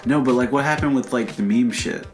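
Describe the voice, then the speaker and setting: An American man co-hosting a podcast in casual chat, jokey and quick to slip into goofy impressions. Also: medium pitch, soft background music. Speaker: podcast co-host.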